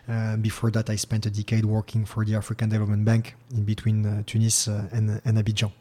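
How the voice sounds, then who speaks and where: A middle-aged man with a French accent answers interview questions as a bank executive. He speaks in a formal, measured way, with a flat and even pitch and frequent fillers and restarts. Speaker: regional head at a public investment bank. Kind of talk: business interview.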